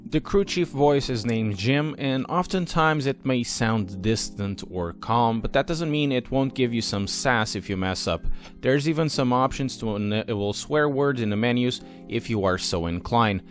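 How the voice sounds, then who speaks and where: A man's voice: mid-range voice, lively intonation, normal speed, soft background music. A man giving a scripted, explanatory voice-over review of a sim racing app. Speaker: sim racing channel host.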